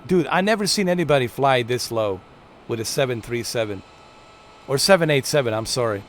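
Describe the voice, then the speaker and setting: A man's voice: medium pitch, lively intonation, a little fast, a little hiss or hum. A man streaming a flight game, giving chatty, playful live commentary to his viewers. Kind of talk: casual gameplay commentary.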